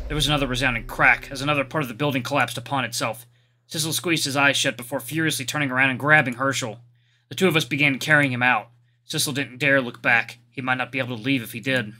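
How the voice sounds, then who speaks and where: A man's voice: mid-range voice, sharp tone. A man hosting a let's play, chatting upbeat to viewers and reading a visual novel's narration aloud. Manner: chatty, upbeat, reacts with curses.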